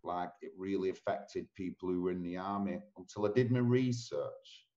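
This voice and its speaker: A man's voice: sits low, moderate pace, warm tone. A male host speaking in a hesitant, stammering, sympathetic way during a casual interview. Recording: echoey lo-fi room recording.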